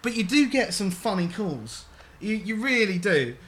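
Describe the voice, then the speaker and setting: Bright-voiced chatty man. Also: sits high, sing-song, a little slow. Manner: rambling and chatty, with frequent restarts and swearing. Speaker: radio show host. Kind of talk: casual radio chat.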